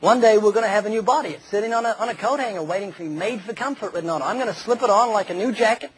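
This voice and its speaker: A man with a high-sitting, slightly rough voice preaches a humorous sermon at rapid-fire speed, telling jokey stories and acting out the quoted voices of others. The recording quality is rough.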